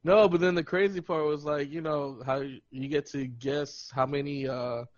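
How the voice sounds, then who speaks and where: Animated storytelling man. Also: on the high side, moderate pace, no room sound, highs cut off. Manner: animated, laughing, acts out quotes. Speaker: podcast host. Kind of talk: casual storytelling chat.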